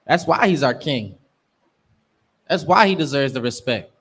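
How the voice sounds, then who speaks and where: A man's voice: medium pitch, lively intonation, measured pace, a bit bright. A young man teaching a scripture class, preaching emphatically in street slang. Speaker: class instructor.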